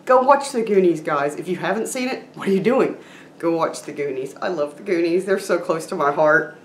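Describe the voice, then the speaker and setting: A woman's voice: lowish voice, brisk, reverberant, a little hiss or hum. A woman vlogging casually at home, gushing and laughing often, a little teary. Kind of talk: casual vlog chat. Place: room at home with a noisy chair.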